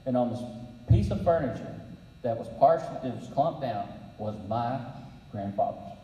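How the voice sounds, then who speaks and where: Middle-aged man, folksy storyteller with dry humor, mellow voice, picked up from a distance in a long-echo hall. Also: mid-range voice, expressive, normal speed, slight background noise. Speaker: breakfast speaker. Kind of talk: faith-based leadership talk. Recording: roomy hall, distant mic.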